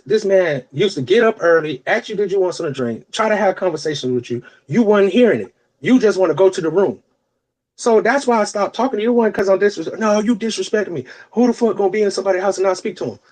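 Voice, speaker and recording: A young adult man co-hosting a podcast, telling a long story in casual, profane chat and acting out the other people's lines. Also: sits high. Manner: animated, profane, acts out quotes in other voices. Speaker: podcast co-host.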